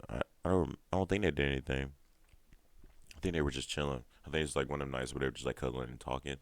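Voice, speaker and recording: A man's voice: very deep voice, dry recording. A man with a stuffed-up nose giving a heated, rambling TV show recap full of swearing. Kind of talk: casual profane TV recap.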